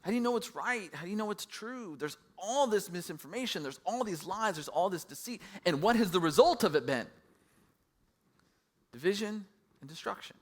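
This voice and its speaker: A man's voice: high voice, animated, normal speed. A middle-aged man preaching a sermon as pastor, conversational and self-deprecating.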